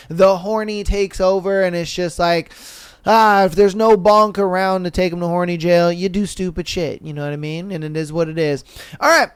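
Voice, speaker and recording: Slangy man with a smooth, high voice. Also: dry recording. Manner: slangy, animated, swearing, laughs at his own jokes. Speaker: podcast host. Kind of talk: casual podcast chat reading listener stories.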